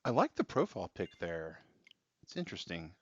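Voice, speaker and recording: A man streaming a video game and chatting casually with viewers, relaxed and rambling, with many fillers and restarts. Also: low voice, fairly quick, no room sound. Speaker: gaming livestreamer. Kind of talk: casual live-stream chat while playing. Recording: slightly dull stream audio with faint game music.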